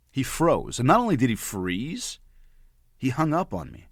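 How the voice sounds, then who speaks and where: A man of about forty, a podcast host, telling an animated story and often repeating words as he gets worked up. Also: medium pitch, fairly quick, dry recording, clean studio sound. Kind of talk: storytelling monologue.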